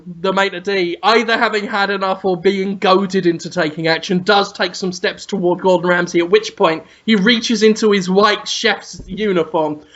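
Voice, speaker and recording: A man telling an absurd, vulgar comic story as a podcast co-host. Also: high voice. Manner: animated, vulgar, deadpan absurd. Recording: dull lo-fi audio.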